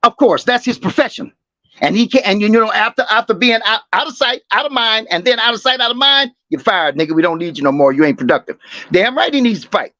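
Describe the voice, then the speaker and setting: Profane boxing co-host, rambling with fillers, lively pitch, dry slightly muffled mic. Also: male voice, quick pace, no room sound. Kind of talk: heated casual boxing talk. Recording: dry, slightly dull sound.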